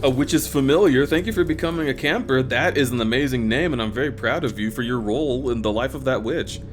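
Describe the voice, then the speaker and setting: A man's voice: mid-range voice, quick pace. Man, variety streamer, live gaming chat, effusive and thankful, rambling, faint music behind.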